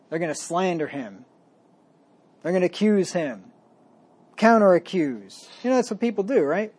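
A man preaching a sermon, reading scripture slowly with emphasis and then explaining it in a plain, conversational way. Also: high voice, animated, darkish tone. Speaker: pastor.

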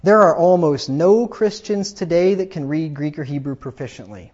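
A man with a high voice preaches a combative sermon and mocks his opponents with sarcasm. He builds to loud, emphatic points. The recording sounds slightly dull and lo-fi. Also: lively intonation, moderate pace. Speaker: pastor.

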